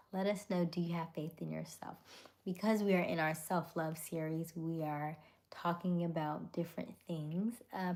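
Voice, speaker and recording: A woman hosting a live stream, greeting viewers by name and giving gentle, encouraging advice. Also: on the low side. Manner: greets viewers and reads comments aloud.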